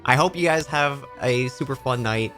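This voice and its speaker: A man's voice: medium pitch, moderate pace, bright, forceful tone, faint music behind. A man hosting a live-streamed tabletop game, giddy and talking with stammered restarts. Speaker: game master and streamer host. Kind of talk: casual live-stream chat.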